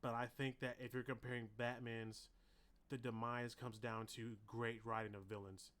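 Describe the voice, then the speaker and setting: A man co-hosting a podcast in casual chat, animated and profane, often acting out quotes loudly. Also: medium pitch, moderate pace, a crowd in the background. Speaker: podcast co-host.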